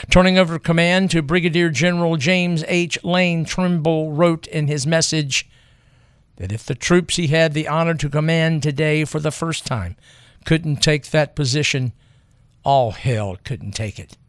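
A man giving scripted historical narration in a grave, measured way with deliberate pauses. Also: fairly high pitch, dry recording, clean studio sound.

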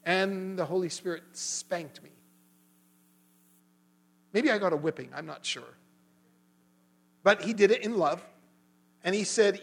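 Earnest high-voiced man preaching. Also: a little slow, gravelly, pauses often, poor audio. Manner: earnest, animated when retelling arguments. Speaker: lay preacher. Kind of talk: sermon with personal testimony.

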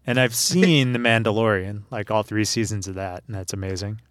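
A man's voice: fairly low pitch, a little fast, fairly bright tone, dry recording. A man co-hosting a casual beer podcast, joking and reading can labels aloud in playful put-on voices. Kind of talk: casual chat.

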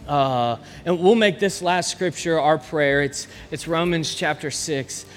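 A man's voice: fairly high pitch, measured pace, a little hiss or hum. A man preaching a sermon as pastor, speaking with passion and rising to bursts of emphasis. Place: church sanctuary. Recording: long hall reverb, faint ambience.

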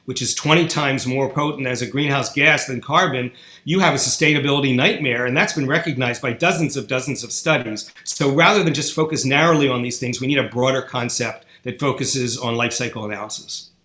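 A man giving an interview, making a forceful, opinionated argument. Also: mid-range voice, a little fast, reverberant. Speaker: interview guest. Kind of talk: podcast interview.

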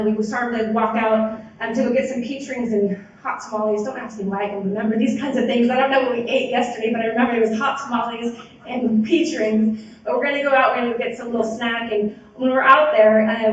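A woman tells her recovery story in a loose, rambling way, with "like" and "you know" filling her sentences. Her voice sits a little high. She sounds far from the mic, and a heavy room echo and a dull, muffled tone surround her. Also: slight background noise. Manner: casual, rambling, many "like" and "you know" fillers. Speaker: speaker sharing at a recovery meeting, a sponsor. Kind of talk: personal recovery testimony.

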